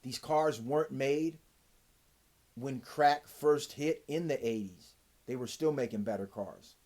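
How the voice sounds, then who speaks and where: Male vlogger, profane heated rant, dry-throated, mid-pitched voice. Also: measured pace. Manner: profane, heated, swings from loud to low. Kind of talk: casual rant to camera.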